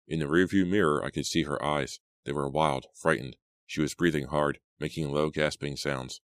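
A man with an exceptionally deep voice narrates a teen horror audiobook at a steady, measured pace. The recording is close and bone dry, with no room around it. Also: no room sound.

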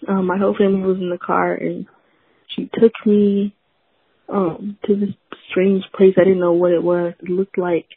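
A woman leaving an anonymous voicemail, telling a story in a halting, bitter way with many fillers over a tinny phone line. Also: lowish voice, little pitch movement, slightly rough, no echo. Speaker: voicemail caller. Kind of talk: recorded phone confession.

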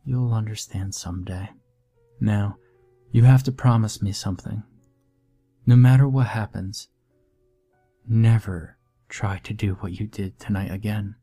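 A man's voice: fairly low pitch, unhurried, long pauses, warm tone, slightly rough, faint music behind. A man voicing a weary, protective mother of two boys, tender with her sons and fierce toward their father. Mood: pleading. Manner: tender but fierce, pleading.

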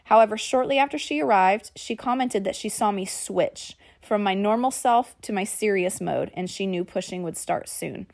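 A woman's voice: medium pitch, moderate pace, gravelly, hardly any pauses. Woman telling a story. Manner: animated, acts out quoted lines; addresses listeners as y'all and guys. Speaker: podcast host. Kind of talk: personal storytelling.

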